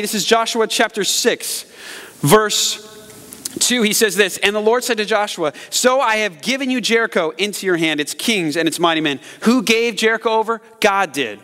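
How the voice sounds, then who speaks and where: A man preaching a sermon as pastor, jokey and animated, acting out yells and voices. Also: high voice, moderate pace. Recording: hall reverb.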